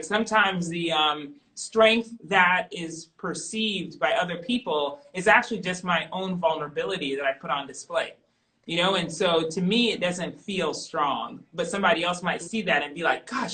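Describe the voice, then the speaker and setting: A middle-aged woman speaking candidly as an interview guest, emphatic and animated, repeating her points for stress. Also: fairly low pitch, poor audio.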